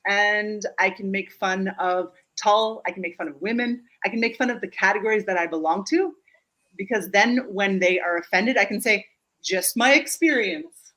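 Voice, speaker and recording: Brief: woman from Germany, lively joking coach on a video call, mid-pitched voice. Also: poor audio. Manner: animated, joking, quick asides; checks in with frequent "Yeah?". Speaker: guest speaker and humor coach. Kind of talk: live online interview.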